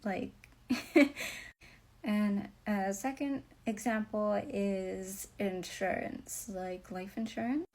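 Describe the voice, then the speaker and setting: A young woman telling a personal story, halting, with many fillers and nervous little laughs, close to tears as she speaks. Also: medium pitch, darkish tone. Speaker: vlogger.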